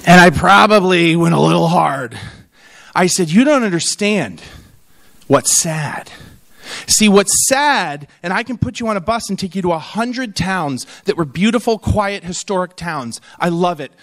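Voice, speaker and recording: A man in his thirties giving a humorous conference speech about tourism, telling lively stories with comic asides and acted-out quotes. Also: high-pitched, a little slow. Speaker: keynote speaker on tourism.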